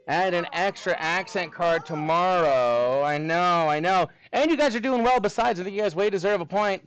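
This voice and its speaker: A man's voice: sits high, a bit bright, no room sound, low-quality recording. A man teaching a math class, upbeat and encouraging as he walks students through a problem. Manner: upbeat, encouraging, playful monster voices.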